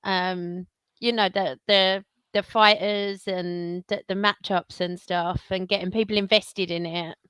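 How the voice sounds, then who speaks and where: A woman hosting a casual interview, relaxed and supportive, chiming in alongside her guest. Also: mid-range voice, a little slow, clear, resonant tone, no echo. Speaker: interview host.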